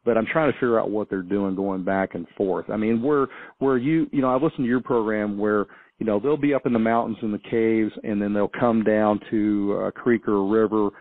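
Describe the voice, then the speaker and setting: Caller, male, lowish voice, rambling and hesitant, tinny dry phone line. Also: a little fast, few pauses, dry recording. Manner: rambling, hesitant, many restarts and fillers. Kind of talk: casual storytelling on a call-in show. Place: small farm town.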